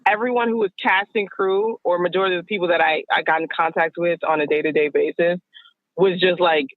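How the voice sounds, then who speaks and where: A woman guest telling her story on a phone call, animated and acting out the dialogue she quotes. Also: on the low side, fast talker, no echo. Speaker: guest, wardrobe stylist. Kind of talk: casual storytelling over the phone. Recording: tinny phone line.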